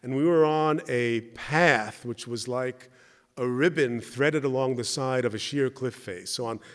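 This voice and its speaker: A middle-aged man addresses a church gathering in an easy, conversational manner, checking in with the listeners as he goes. His voice sits at an ordinary mid pitch. The sound carries the long reverb of a large hall. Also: measured pace. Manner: conversational, keeps checking with the audience by asking "right?". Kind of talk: spoken talk with anecdotes.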